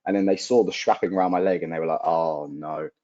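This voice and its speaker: A young man with a very deep voice tells a personal story as an interview guest. He acts out the people he quotes, with lots of "like" fillers. The audio is dull and lo-fi. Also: steady tone, racing, darkish tone. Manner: vivid retelling, acting out quoted dialogue, frequent "like" fillers. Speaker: athlete guest.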